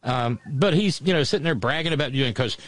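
A man's voice: medium pitch, expressive, quick pace. A man telling stories in a casual political chat, wry and mocking.

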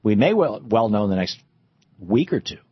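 Low, husky-voiced male talk host. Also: big pitch swings, normal speed, dry recording, lo-fi sound. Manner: rambling, with frequent restarts and fillers. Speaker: radio host. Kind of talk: talk radio monologue.

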